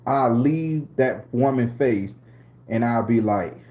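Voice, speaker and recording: With a slow pace and a dark, medium-pitched voice, a middle-aged man from southern Florida tells a story to camera. He hosts the channel, speaks with a Southern US accent, and uses slangy, profane, streetwise talk.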